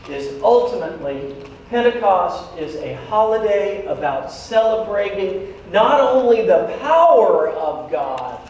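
A man with a fairly high voice preaches a sermon in a church sanctuary, animated and quick to drop a joke to his listeners. The room is very echoey, and he sounds a little distant from the mic, with a faint hiss behind him. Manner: lively, joking asides to the congregation. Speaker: pastor. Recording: echoey church hall, voice from afar, faint noise.

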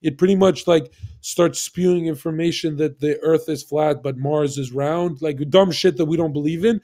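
A man's voice: a little high, fairly even intonation, moderate pace, dark tone. Brash young man rambling on voice chat. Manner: rambling, brash, profane, stumbling restarts. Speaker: streamer. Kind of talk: casual voice chat storytelling.

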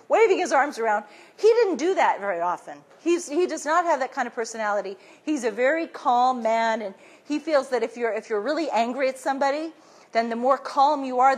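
A woman speaks to an audience at an event, her voice high and a little husky. She tells her story with energy, acts out other people's lines as she quotes them, and often restarts her sentences as she goes. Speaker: speaker giving a talk. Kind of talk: animated storytelling talk to an audience.

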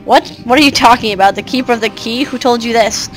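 A woman reading out a brave eleven-year-old girl in a game, polite and earnest. The voice sits fairly high for a woman. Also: quick pace, soft background music, lightly acted, low-quality recording. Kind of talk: reading game dialogue aloud.

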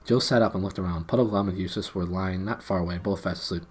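A man's voice: deep voice, fast, breathy edge, soft background music. A man reading a children's novel aloud on a live stream, with playful self-mocking asides. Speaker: storybook reader and live streamer.

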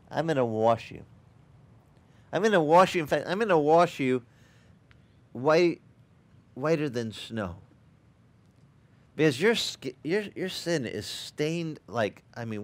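Lively animated male pastor preaching. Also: medium pitch. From Sicilian family background. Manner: animated, acts out quoted voices. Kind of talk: sermon. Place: outdoor beach service.

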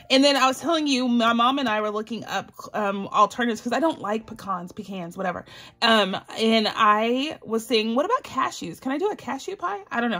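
A woman's voice: a little high, fairly bright tone. Giggly woman chatting to viewers. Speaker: budgeting channel host. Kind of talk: casual chat to viewers.

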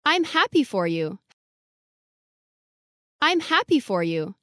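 A woman with a high, bright voice reads short practice phrases in a deliberate, unhurried way. Her pitch moves expressively, and every word is carefully enunciated. The sound is close and dry, with no room around it. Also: big pitch swings, dry recording. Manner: clear, careful enunciation, each phrase said twice. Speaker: English model reader. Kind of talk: slow repeated phrase reading for learners.

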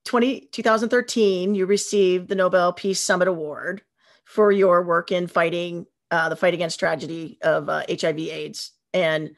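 A woman's voice: lowish voice, fairly even intonation, moderate pace, creaky. Woman interviewer, hesitant with fillers. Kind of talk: conversational interview.

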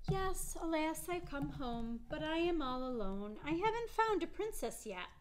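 Woman doing a mild, soft-spoken puppet prince, slow and gentle. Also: high voice, big pitch swings, voice pushed up. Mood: forlorn. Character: young prince, polite and lovesick.

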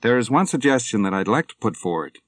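A man voicing a brisk, businesslike senior naval officer, in an audiobook reading. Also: mid-range voice, very animated, no echo, studio quality, pitched above the performer's own voice.

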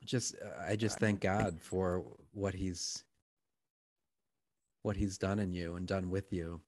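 A man who is a priest, hosting a live prayer program over a video call and answering participants in a gentle, affirming, reflective way. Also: deep voice, steady tone, takes it slowly. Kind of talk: pastoral conversation.

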